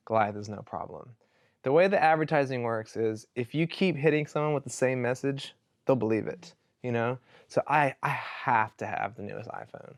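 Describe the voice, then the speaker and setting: A man, a worship pastor, teaching in a casual, animated storytelling way and retelling scripture stories with everyday fillers. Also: mid-range voice, normal speed, no echo, clean studio sound.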